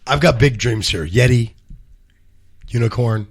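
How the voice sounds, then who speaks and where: Casual male co-host, gravelly voice, wanders off track and swears freely. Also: medium pitch, unhurried. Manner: rambling, profane, self-correcting. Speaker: co-host of a live cannabis news show. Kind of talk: casual live show banter and news commentary.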